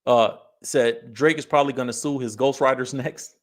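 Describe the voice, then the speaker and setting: A man's voice: mid-range voice, fairly even intonation, normal speed. Male streamer from California, easygoing chat delivery, frequent laughs, reads comments aloud. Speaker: livestream host. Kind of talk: casual livestream chat.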